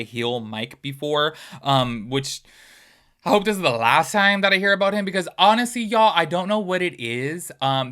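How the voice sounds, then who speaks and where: A man hosts a casual commentary video, chatting at a brisk clip and turning often to his viewers. His voice is bright and forward. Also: medium pitch. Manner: chatty, animated, addresses viewers as y'all. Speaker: host.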